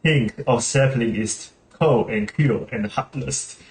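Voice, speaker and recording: A man's voice: medium pitch, slow. Vain, sulky female fairy, read aloud by a male streamer; plain delivery with stumbles, roomy sound. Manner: reads the lines aloud plainly, with slips. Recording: roomy room with game music.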